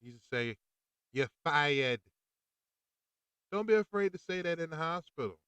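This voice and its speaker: A man's voice: on the high side, animated, fast, fairly bright tone, smooth, dry recording, poor audio. A man hosting a podcast, talking in a fired-up, preachy and slangy monologue. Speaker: podcast host. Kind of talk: opinionated monologue.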